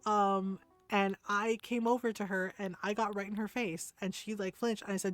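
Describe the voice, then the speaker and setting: Woman streamer ranting a story while gaming, swears a lot, laughs, dead dry sound, mid pitched voice. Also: normal speed, few pauses, no echo. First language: Tagalog. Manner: animated, swears freely, laughs often, quotes herself heatedly.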